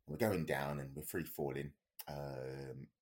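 A man's voice: a bass voice, little pitch movement, a little slow. A man, a podcast co-host, telling a story in a rambling, casual way with many fillers and restarts.

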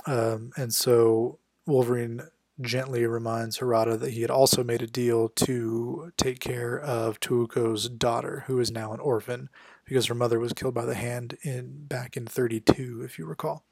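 A man giving a casual spoken recap of a comic book issue, quickly voicing the characters' lines as he goes. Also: medium pitch, level tone, gravelly, a little mellow, dry recording, clean studio sound. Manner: conversational, acts out characters' lines with quick quotes.

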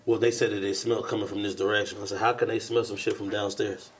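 A young man on a podcast telling a story in casual chat, acting out the dialogue with sudden jumps into a louder, higher voice. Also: fast, over a noisy crowd. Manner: animated storyteller who acts out dialogue in bursts of louder, higher voice. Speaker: podcast co-host.

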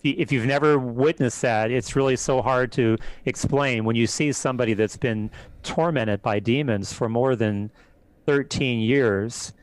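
A man, a priest, calmly recounting events as an interview guest in a measured way. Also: mid-range voice, no echo, poor audio. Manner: calm, measured retelling. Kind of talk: interview storytelling.

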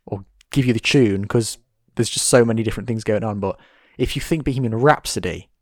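A man's voice: fairly low pitch, fairly quick, no room sound, studio quality. A man chatting casually and animatedly, often acting out quotes. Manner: animated, acts out quotes in put-on voices. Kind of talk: casual chat.

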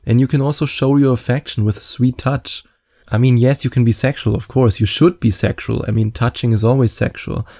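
A man's voice: mid-range voice, steady tone, a little fast, vocal fry, mellow. A man speaking as a dating coach in a confident, candid and chatty advice monologue, with self-mocking asides.

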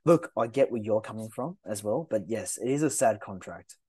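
An Australian man hosting a casual sports podcast, talking in a rambling, animated way with lots of restarts. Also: on the low side, moderate pace, husky, dry recording. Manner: animated, rambling, mocks rival fans in a put-on voice. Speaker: podcast host.

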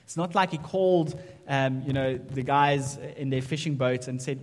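A man's voice: medium pitch, moderate pace. A man preaching a sermon in a conversational way, often checking in with "right?". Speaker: pastor. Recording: long reverb of a hall.

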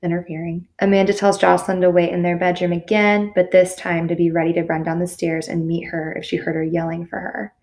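A woman with a somewhat low, slightly mellow voice speaks briskly and evenly, barely pausing. Hosting a podcast, she casually retells a true crime story, filling it with fillers and the occasional curse word.

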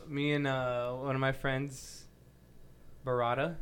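A man's voice: mid-range voice, level tone, takes it slowly, a crowd in the background. A young man telling a school story in casual podcast chat, rambling with lots of fillers. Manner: rambling storytelling with many fillers and bursts of laughter. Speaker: podcast guest.

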